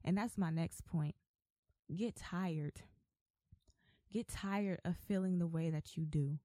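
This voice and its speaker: A woman's voice: lowish voice, slow pace, warm tone, no echo. A woman hosting a faith podcast, talking emphatically and with repetition, like an exhortation. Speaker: podcast host.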